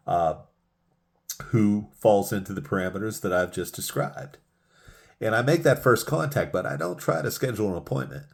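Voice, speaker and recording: Emphatic low-voiced man teaching sales. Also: gravelly. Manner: emphatic, repeats key phrases for punch. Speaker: sales trainer. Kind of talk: motivational sales talk.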